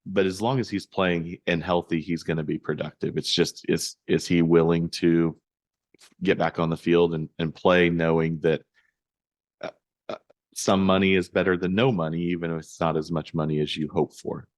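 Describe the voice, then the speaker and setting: A man with a very low voice talks through a casual podcast chat, pausing and restarting as he thinks. The sound is dry and close, with no room around it. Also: flat delivery, dry recording. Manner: halting, many fillers and restarts. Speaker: podcast co-host.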